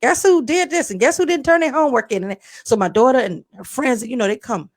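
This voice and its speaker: A lively middle-aged woman co-hosts a radio podcast, spinning a long story in casual chat. Her voice sits somewhat high, and she jumps into the voices of the people in her tale. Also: fairly quick. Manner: animated, acts out voices in her stories.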